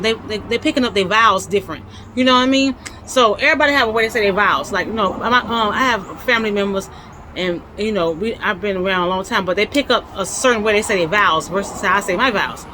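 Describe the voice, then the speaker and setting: A woman's voice: a little high, a bit bright, a little hiss or hum, poor audio. A woman with a Southern US accent, explaining history in a chatty, folksy way with lots of asides. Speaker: host teaching history. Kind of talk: casual explainer talk.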